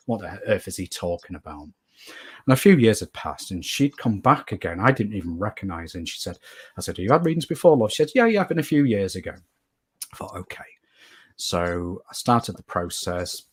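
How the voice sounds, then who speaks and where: A man with a very low, husky voice sits as a guest in an interview. He tells a long personal story in an earnest, rambling way, circling back and repeating phrases to drive them home. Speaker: guest medium.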